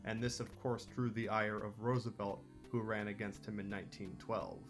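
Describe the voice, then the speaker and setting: A man's voice: fairly low pitch, little pitch movement, normal speed, music in the background. A man hosting a history channel, narrating scripted commentary with opinionated, wry asides.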